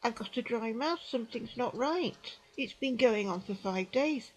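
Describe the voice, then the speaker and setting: An older British woman speaks to camera in her sixties, her voice sitting somewhat high. She tells her story emphatically, repeating herself for stress and sometimes dropping to a quieter aside. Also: expressive, unhurried, low-quality recording. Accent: British English. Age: 60s. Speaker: vlogger recounting an experience. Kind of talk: indignant personal account to camera.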